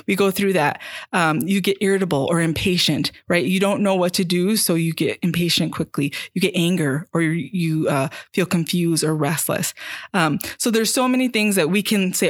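A woman's voice: on the low side, normal speed, dry recording, studio quality. A woman counselor explaining in a casual, conversational way, often checking in with the listener. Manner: steady, conversational, checks in with "right?".

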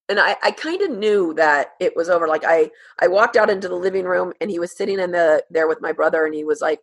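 A woman in her thirties, a podcast guest, telling a personal story in a halting, emotional way with many fillers. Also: lowish voice, gravelly, slightly rough.

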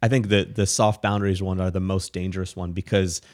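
Quick-talking man podcast co-host. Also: low voice, level tone, a little mellow. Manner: explanatory, matter-of-fact. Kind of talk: casual chat.

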